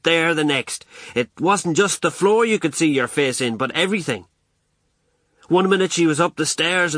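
A man reading a first-person novel aloud, telling it in a wry, lively, colloquial way. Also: on the high side, no room sound. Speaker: audiobook narrator.

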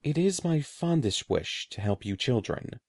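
A man voicing an old, sorrowful male wizard who speaks softly and gravely, halting with grief. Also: medium pitch, animated, dry recording.

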